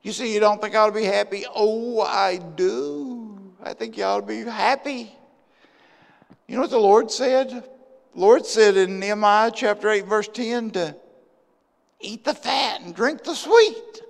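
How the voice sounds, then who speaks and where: A man, a pastor preaching a sermon with passion, swinging from loud bursts to hushed asides, in a church sanctuary. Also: high-pitched, fairly even intonation, unhurried, gravelly. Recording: long church hall reverb.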